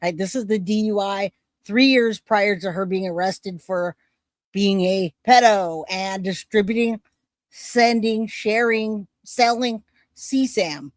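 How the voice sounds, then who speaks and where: A woman talking in a casual reaction-commentary style, blunt and openly scornful. Her voice sits at an ordinary middle pitch and sounds close and dry, with no room around it. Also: slow, no echo.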